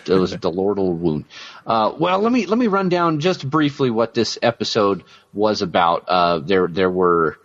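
A man's voice: lowish voice, big pitch swings, normal speed. A man co-hosting a casual podcast, rambling with fillers and laughing often. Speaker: podcast co-host. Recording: dull lo-fi audio.

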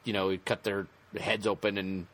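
A man co-hosting a casual podcast chat, talking in halting bursts with many restarts and fillers. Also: sits low, level tone, fairly bright tone.

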